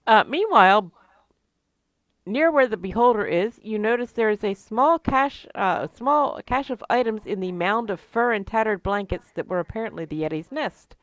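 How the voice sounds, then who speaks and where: A woman narrating a tabletop game as game master, in a lively, joking manner with frequent fillers. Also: medium pitch, moderate pace, no echo.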